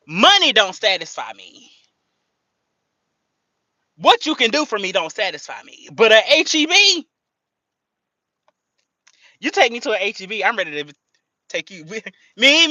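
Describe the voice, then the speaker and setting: A woman's voice: on the low side, pushed and bright, no room sound. A woman hosting a casual livestream, playful and slangy, laughing often as she chats to her viewers. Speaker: livestream host. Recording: dull lo-fi stream audio.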